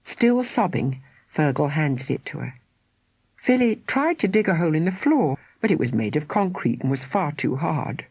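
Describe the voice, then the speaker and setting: A woman narrating a children's audiobook in an expressive storytelling way, with dramatic pauses. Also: deep voice, husky, no room sound. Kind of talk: scripted narration.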